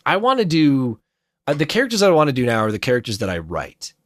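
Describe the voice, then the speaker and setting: A man, a voice actor, talking casually in an interview, chatty and self-deprecating, with quick asides. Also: mid-range voice, wildly swooping pitch, no echo, clean studio sound. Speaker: voice actor guest. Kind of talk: casual chat.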